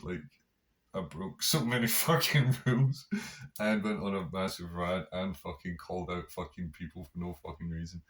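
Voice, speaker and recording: Guy with a low deep voice, swears nonstop, rambly animated podcast storytelling. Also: normal speed. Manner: profane, swears constantly. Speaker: podcast host. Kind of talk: casual storytelling monologue.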